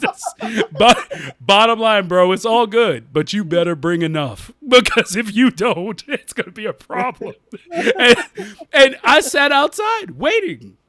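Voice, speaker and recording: This man co-hosts a podcast, where he tells stories in an easygoing chat, laughing a lot mid-story and lingering on his punchlines. He has a high voice and keeps a measured pace. No room sound comes through.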